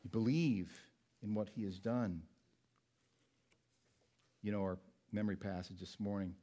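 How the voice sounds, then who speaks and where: Preaching a sermon, a male pastor with a fairly low, mellow voice poses questions to the congregation and answers them himself. He slows down to press on single words.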